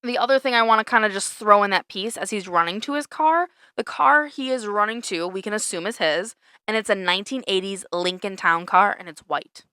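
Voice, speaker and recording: Bright-voiced young woman co-hosting a podcast. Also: medium pitch, fairly quick, clean tone, dry recording, clean studio sound. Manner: laid-back, swears casually, laughs often. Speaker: podcast co-host. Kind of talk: casual chat.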